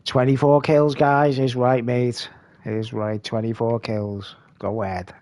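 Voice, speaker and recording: A man's voice: mid-range voice, little pitch movement, unhurried, a little mellow, no echo. A man giving rambling, chatty live commentary while streaming a game, calling his viewers "mate".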